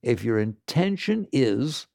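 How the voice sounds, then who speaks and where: Male teacher, gravelly voice, dry close sound, emphatic storyteller who keeps asking "right?". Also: mid-range voice, sing-song, takes it slowly, darkish tone, dry recording. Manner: tells stories and acts out other people's lines. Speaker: spiritual teacher. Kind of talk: spoken teaching talk to an audience.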